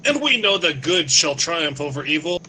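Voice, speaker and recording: A man's voice: fairly high pitch, sing-song, moderate pace, sharp tone, slight background noise, low-quality recording. A man playing a tabletop game, giving earnest, mock-heroic speeches as his hero. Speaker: player. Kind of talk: tabletop role-play.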